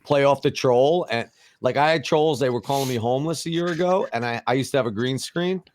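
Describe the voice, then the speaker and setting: A man's voice: mid-range voice, brisk, a little mellow, no room sound. A man on a streamer panel telling a casual anecdote, agreeable and chatty.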